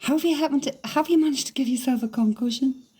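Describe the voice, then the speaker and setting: A middle-aged woman, chatting casually on a livestream, excitable, laughing often and swearing freely. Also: high voice, quick pace. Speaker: psychic medium livestreamer. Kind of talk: casual livestream chat reading comments.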